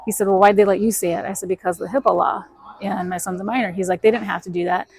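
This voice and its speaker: Fast-talking woman telling her story. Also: medium pitch, fairly even intonation, darkish tone, low-quality recording. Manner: emphatic, quotes herself and others in dialogue. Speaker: guest. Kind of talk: storytelling in an interview.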